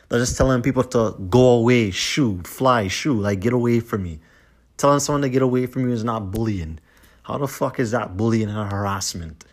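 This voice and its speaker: Heated, cursing man ranting. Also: fairly low pitch. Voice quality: profane, heated, repetitive. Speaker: vlogger. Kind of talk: casual ranting commentary.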